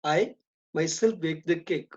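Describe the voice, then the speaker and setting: An English teacher gives a classroom grammar lesson in a lowish, slightly mellow voice. She speaks slowly and methodically, repeating and stressing key terms, and the lo-fi recording sounds dull and muffled.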